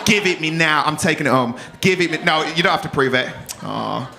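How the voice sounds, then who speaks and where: A man's voice: fairly high pitch, expressive, brisk, gravelly, bright, forceful tone. A man compering a live comedy night, teasing the crowd with cheeky, swearing banter. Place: comedy club. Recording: live club room with crowd noise.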